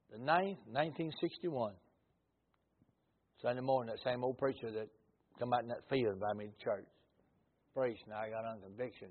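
Older Mississippi preacher, husky drawl. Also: male voice. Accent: Mississippi Southern. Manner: storytelling, rises loud then drops low. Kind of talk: folksy sermon testimony. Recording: tinny phone-like audio.

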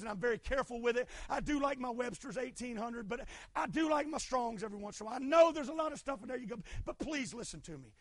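A middle-aged man preaching a fervent sermon, swinging between shouted lines and quiet asides. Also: extremely high pitch, dry recording. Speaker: pastor.

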